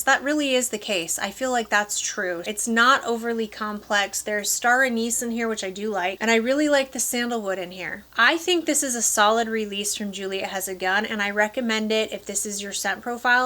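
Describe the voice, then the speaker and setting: Woman in her thirties, Upper Peninsula Michigan accent, bright voice, chatty vlogger reviewing at close range. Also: medium pitch. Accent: Upper Peninsula Michigan (Yooper). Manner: chatty, enthusiastic, addresses viewers directly. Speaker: perfume vlogger. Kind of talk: casual product review to camera.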